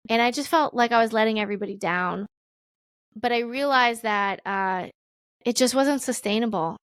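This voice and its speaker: Woman, 30s, podcast guest; casual and animated, voices her past self with big pitch swings; dry recording. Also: moderate pace, smooth, no echo. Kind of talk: casual storytelling interview.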